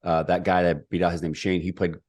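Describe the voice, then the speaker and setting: A middle-aged man telling a personal story as a podcast guest, energetic and emphatic. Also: low voice, brisk. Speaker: podcast guest, executive coach.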